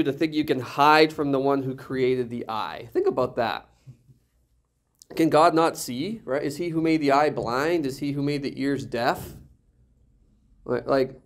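A male pastor preaching an animated sermon, full of jokes and rhetorical questions. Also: fairly high pitch.

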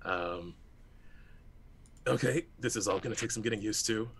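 A man's voice: on the low side, moderate pace, fairly bright tone, husky. A man playing in a tabletop role-playing game, rambling about his character and amused at himself. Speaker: player.

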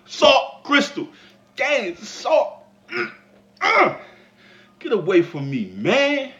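A man giving a comedic commentary vlog, laughing and breaking into mock shouts. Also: very high-pitched, huge pitch swings, extremely slow, long pauses, muffled recording. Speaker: vlogger.

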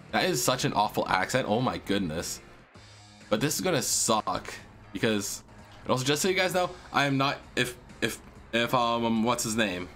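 A man hosting a video game let's play, excitable and slangy, cursing and talking to his viewers. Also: mid-range voice, moderate pace, faint music behind. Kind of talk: casual gameplay commentary.

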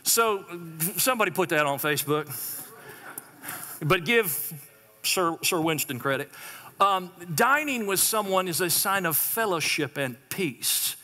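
A man's voice: high voice, expressive, measured pace, bright, forceful tone, long reverb tail. A man preaching a sermon as a church pastor, calling out to the congregation for amens and responses. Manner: call-and-response preaching, repeated prompts to the congregation. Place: church sanctuary.

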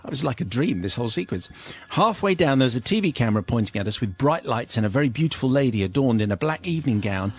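Amused and animated, this British man on the radio reads a listener's comic tale aloud, giving the quoted lines playful voices. He has a husky, medium-pitched voice.

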